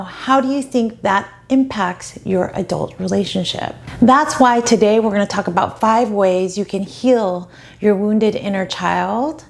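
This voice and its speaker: A woman dating coach giving advice straight to the viewer in a gentle, encouraging way. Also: medium pitch, vocal fry. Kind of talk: advice talk to camera.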